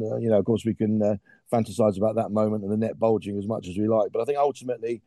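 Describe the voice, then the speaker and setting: Dry, wordy Englishman with a low, mellow voice. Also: no echo. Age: middle-aged. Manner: wordy, pun-loving, drily ironic with many fillers. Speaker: football podcast guest and club commentator. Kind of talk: casual podcast chat.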